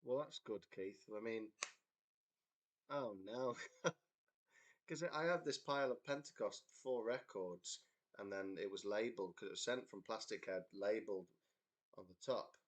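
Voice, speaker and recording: His voice is fairly low and unhurried, with frequent pauses, as this young English band member chats casually on a livestream. Through his computer mic he rambles through a story, laughs a lot, and reads viewers' comments aloud.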